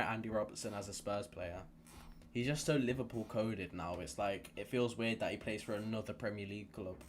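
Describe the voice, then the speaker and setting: A man's voice: lowish voice, normal speed, a little hiss or hum. Rambling young man hosting a live watch-along. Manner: chatty and rambling, repeats himself. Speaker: live stream host.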